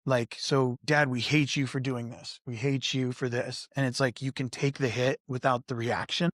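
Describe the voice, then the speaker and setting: A man on a podcast panel, telling candid stories in a lively way, often saying "like" and acting out the voices of people he quotes. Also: medium pitch, moderate pace, no room sound, clean studio sound. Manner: animated, acts out quoted voices, frequent "like". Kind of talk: candid conversational storytelling.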